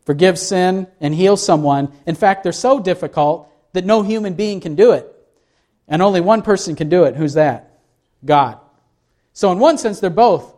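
A man's voice: sits high, darkish tone. A male pastor preaching a sermon, full of rhetorical questions and acted-out quotes.

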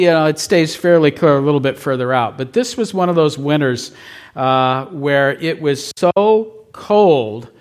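Storytelling pastor, higher-pitched man. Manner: casual storytelling, asks the congregation questions. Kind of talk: conversational sermon.

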